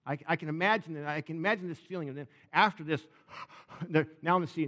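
A man's voice: on the high side, fast, fairly bright tone, in a large hall. A man preaching a sermon in a conversational, joking way, often restarting his sentences. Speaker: pastor.

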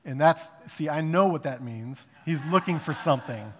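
A man giving a personal testimony in a conversational way, rising to emphatic bursts and dropping to hushed reflection. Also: fairly high pitch, normal speed. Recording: long reverb of a large hall.

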